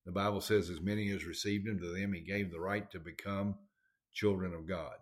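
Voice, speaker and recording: Folksy Southern preacher, lowish voice. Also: male voice, steady tone, fairly quick. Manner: folksy and emphatic, plain everyday grammar. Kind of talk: sermon.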